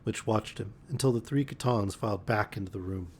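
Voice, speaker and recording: A man reading a pulp fantasy novel aloud as a bedtime story, measured with occasional slips. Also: lowish voice, husky.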